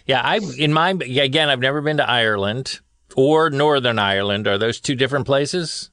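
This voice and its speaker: A man's voice: medium pitch, a little fast, bright, forceful tone, no echo. A man co-hosting a comedy podcast from a studio, asking dry, teasing questions. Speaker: co-host. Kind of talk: deadpan comedy podcast banter. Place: studio in Burbank, California.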